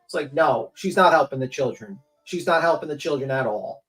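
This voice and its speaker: A man with a fairly high-pitched voice rants bluntly through livestream commentary. His opinions come out heated and laced with profanity. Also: lively intonation, brisk, fairly bright tone, faint music behind, low-quality recording.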